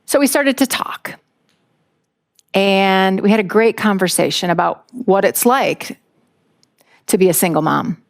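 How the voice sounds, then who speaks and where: A woman, around her forties, from the United States, telling a personal story in a talk with lively acted-out moments. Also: mid-range voice, unhurried, gravelly, pauses often. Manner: lively storyteller, acts out voices. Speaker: speaker.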